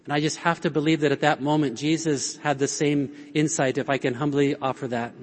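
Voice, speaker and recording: A man's voice: on the high side, fairly even intonation, fairly quick. Earnest male preacher in a reverberant hall. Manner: earnest, prompts audience with "right?" and call-and-response. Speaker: speaker at a Catholic conference. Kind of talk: conference talk preaching to an audience. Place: large conference hall.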